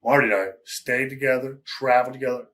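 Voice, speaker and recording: He's a male interview guest who talks in a loose, candid, rambling way. His voice sits at an ordinary middle pitch, and he keeps chuckling and working "you know" into his stories. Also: fairly even intonation, quick pace, a bit bright. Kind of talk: casual storytelling interview.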